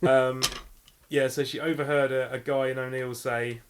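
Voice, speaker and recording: A man's voice: medium pitch, level tone, moderate pace, noisy background. A man co-hosting a podcast, reading listener stories with dry wit. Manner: dry, wry, laughing. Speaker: podcast co-host. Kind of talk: casual chat.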